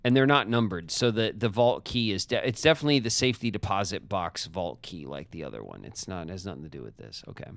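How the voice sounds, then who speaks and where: A man with a fairly low voice chats his way through a puzzle game on a live stream. He rambles, restarts sentences and teases his viewers as he goes. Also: animated, fast, creaky, hardly any pauses, a bit bright. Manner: rambling, joking with chat, trailing restarts. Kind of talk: casual live-stream commentary.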